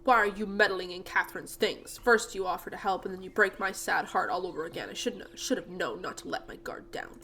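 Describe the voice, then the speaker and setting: A woman voicing a gruff, grieving old male farmer in a game, speaking loudly and curtly. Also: lowish voice, a little fast, few pauses, slight background noise. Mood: hurt. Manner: loud and curt. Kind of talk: reading game dialogue aloud.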